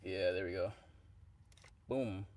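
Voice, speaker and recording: Speaking slowly in a low, darkish voice, a man who writes and sings his own songs banters casually with viewers during a live stream. He hesitates a lot and uses many fillers, while guitar plays in the background and a little hiss or hum sits under the audio.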